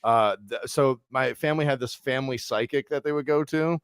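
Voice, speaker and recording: A man from Philadelphia tells a story as a podcast guest, animated and full of swearing, stumbling over restarts as he goes. His voice sits at an ordinary middle pitch. The sound is dry and close, with no room around it. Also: brisk, clean tone, no echo. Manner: animated, profane, lots of restarts and fillers. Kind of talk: casual storytelling chat.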